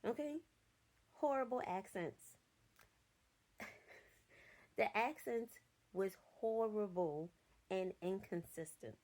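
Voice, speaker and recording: A woman's voice: mid-range voice, expressive, slow pace, long pauses, darkish tone. A young adult woman giving a casual, blunt and profane film review from her notes, sounding exasperated.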